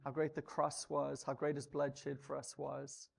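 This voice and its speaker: Guy pastor doing communion, gravelly voice, pretty flat and steady. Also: medium pitch, moderate pace. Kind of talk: sermon.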